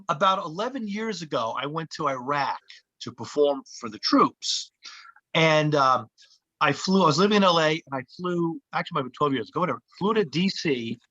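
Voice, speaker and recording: A man, a comedian and actor, telling lively anecdotes in casual chat and acting out the voices of people he quotes. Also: on the high side, normal speed, muffled recording. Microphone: podcast mic.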